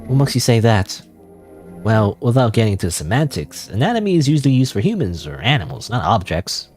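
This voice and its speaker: A man's voice: medium pitch, very animated, a little fast, a little mellow, soft background music, close to an everyday voice. A man voicing a polite, formal male detective who reasons in a matter-of-fact way. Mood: skeptical.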